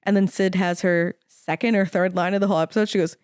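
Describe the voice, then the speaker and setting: A woman's voice: lowish voice, fast talker, smooth, no echo, clean studio sound. A young adult woman co-hosting a podcast, casually recapping a TV episode and acting out the characters' lines as she goes. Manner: animated, acts out characters' lines while retelling. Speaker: podcast co-host. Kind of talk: casual chat recapping a TV show.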